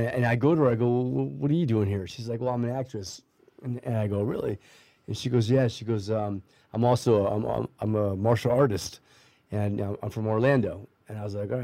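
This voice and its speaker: A man's voice: medium pitch, warm tone, no room sound, clean studio sound. A middle-aged man casually telling a long story, with many restarts and fillers, acting out what people said. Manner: rambling, many restarts and fillers, acts out quoted voices. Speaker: guest telling a life story.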